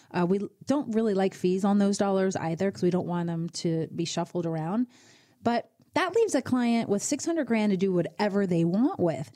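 A woman with a warm, medium-pitched voice hosts a radio show as a financial advisor. She coaches listeners directly in a conversational style of advice talk.

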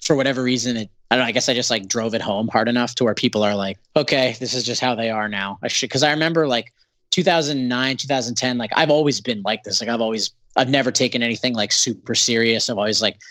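A Canadian man who sings in a band talks as a guest on a casual podcast interview, sounding sarcastic, profane and rambling, with plenty of fillers. His mid-range voice is steady and fairly bright, he speaks fast, and there is no room sound.

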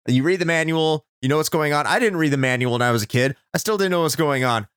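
A man's voice: fairly high pitch, quick pace, fairly bright tone, clear, resonant tone, no room sound, studio quality. A man co-hosting a casual podcast chat, ranting sarcastically and swearing often. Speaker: podcast co-host.

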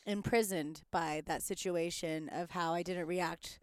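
A woman with a smooth, clear voice and a somewhat low pitch talks openly in a relaxed chat, swearing casually. The sound is dry and close to the mic. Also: measured pace, dry recording. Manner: open, candid, swears casually. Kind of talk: casual conversation.

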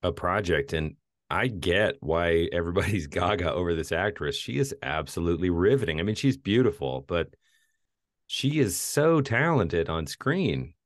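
A man co-hosting a film podcast, chatting casually and retelling scenes with lively energy. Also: low-pitched, moderate pace, no room sound, clean studio sound. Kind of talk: casual film review chat.

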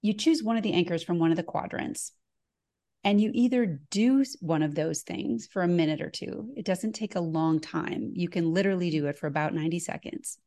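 Female podcast host, low-pitched and mellow, calm explainer with loose fillers. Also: fairly quick. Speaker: host giving an exercise. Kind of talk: guided instruction in a podcast conversation.

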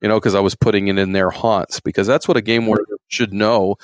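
A man's voice: on the low side, steady tone, a little fast, dry recording. A man, a former game warden, telling stories in a rambling, folksy way with many fillers. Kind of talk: casual storytelling interview.

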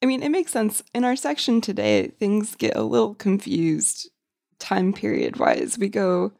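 A woman with a gravelly, creaky voice and a lively, animated pitch co-hosts a relaxed book podcast. She delivers her remarks with dry, wry humor. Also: a little slow. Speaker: podcast co-host. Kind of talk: casual book-club podcast chat.

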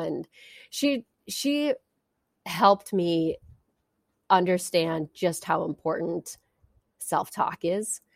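A middle-aged woman, a sport psychology coach, is a guest in an interview, telling an earnest story full of fillers and restarts. Her voice is fairly low and gravelly, recorded clean in a studio with no room sound.

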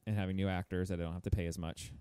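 A man's voice: deep voice, flat delivery, rapid-fire, dark tone, clean tone, dry recording. A man co-hosting a pop-culture podcast, chatty and agreeable, often finishing his partner's sentences. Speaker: podcast co-host. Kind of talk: casual pop-culture chat.

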